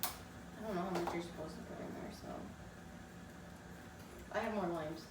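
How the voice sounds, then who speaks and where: A woman's voice: lowish voice, moderate pace, very noisy. A young woman co-hosting a casual chat over a meal, talking between bites. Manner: chatty, talks while eating. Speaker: co-host. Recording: far from the mic in an echoey room with loud ambience.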